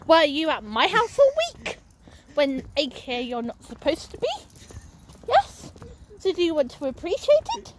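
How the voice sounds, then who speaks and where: A woman's voice: high voice, very animated, a little fast. A young woman talking casually into her phone while walking down a street, chatty and swearing freely. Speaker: vlogger. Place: outdoors on a busy street by a bus stop. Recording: loud street traffic noise outdoors. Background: passing traffic and buses.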